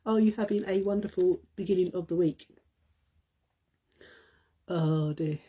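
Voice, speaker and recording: A woman's voice: fairly low pitch, measured pace, dark tone, slightly rough. Giggly woman telling a home story. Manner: giggly anecdote telling, laughing often. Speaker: live stream host. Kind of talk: casual chat on a live stream.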